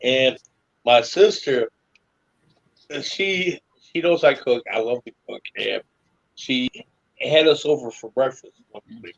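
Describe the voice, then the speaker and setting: A man's voice: mid-range voice, slow, vocal fry, long pauses, highs cut off. A man co-hosting a casual podcast chat, telling a long, rambling story with lots of restarts. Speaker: podcast co-host.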